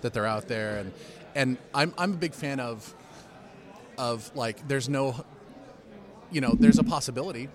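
A man's voice: medium pitch, moderate pace, pauses often. A man guest in a casual chat, easygoing and rambling with lots of fillers. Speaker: guest writer.

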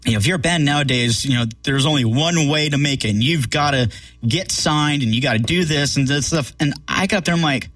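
A man's voice: fairly high pitch, fairly quick, fairly bright tone, dry recording, distant mic. A man telling a long story in casual chat, rambling with many fillers and swearing freely.

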